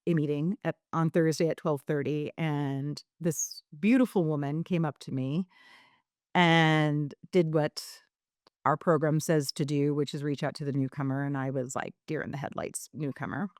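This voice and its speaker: A woman's voice: deep voice, steady tone, normal speed, darkish tone, no room sound, studio quality. A woman guest on a podcast telling her story candidly, rambling with many fillers and restarts.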